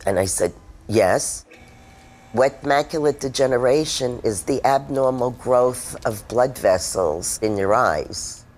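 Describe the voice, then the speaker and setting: A woman's voice: extremely low pitch, darkish tone. A woman, a former smoker, telling her own story in a candid, emotional testimonial. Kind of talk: personal testimonial.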